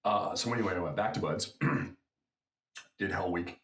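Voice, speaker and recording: Very deep-voiced man telling stories. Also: normal speed. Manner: animated storyteller, acts out quotes. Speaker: guest. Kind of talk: casual storytelling.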